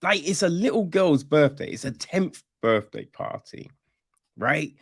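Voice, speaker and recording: Man, podcast film reviewer, sarcastic, swearing, rambling, lively pitch, slow delivery. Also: husky, dry recording, clean studio sound. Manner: rambling with restarts and "you know what I mean". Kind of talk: casual ranting film review.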